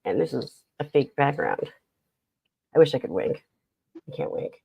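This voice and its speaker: A woman's voice: low-pitched, big pitch swings, normal speed, creaky, husky, no room sound, highs cut off. A woman hosting a casual livestream who rambles, reads the chat aloud and laughs often, with a stuffy, runny nose. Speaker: livestream host.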